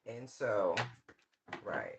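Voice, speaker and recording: A man's voice: fairly low pitch, huge pitch swings, extremely slow, vocal fry, slight background noise. A man giving a casual, channeled tarot reading in loose, slangy, rambling talk full of fillers. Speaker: tarot reader.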